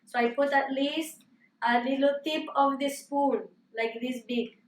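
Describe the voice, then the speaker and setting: A woman's voice: high-pitched, fairly even intonation, unhurried, far from the mic, slight background noise. Woman in a put-on Greek accent, echoey room. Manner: mock-serious, coaxing instructions with playful repetitions. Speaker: host demonstrating a recipe. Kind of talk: comedic cooking demonstration.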